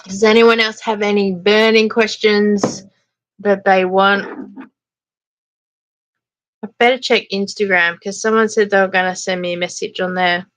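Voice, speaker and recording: An Australian woman hosting a casual live chat, chatty and quick to laugh, reading out viewer comments. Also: mid-range voice, level tone. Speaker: livestream host.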